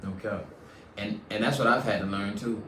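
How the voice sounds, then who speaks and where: A man's voice: on the low side, fairly even intonation, moderate pace, sharp tone. A man hosting a casual faith podcast, earnest and affirming, often repeating key words back. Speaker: podcast host. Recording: roomy sound, mic at a distance, faint noise.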